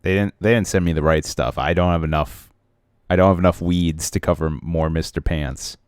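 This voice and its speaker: Deep-voiced young man, casual joking. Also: normal speed, clear, resonant tone, no echo, clean studio sound. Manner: goofy, joking, excitable bursts. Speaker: podcast co-host. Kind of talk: casual chat.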